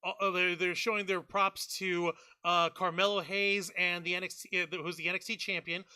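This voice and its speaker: A man's voice: high-pitched, little pitch movement, fairly quick, sharp tone, smooth. A man co-hosting a wrestling review show, laid back and jokey, chatting and reading out viewer comments. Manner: laid-back, jokey, reads live chat. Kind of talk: casual chat.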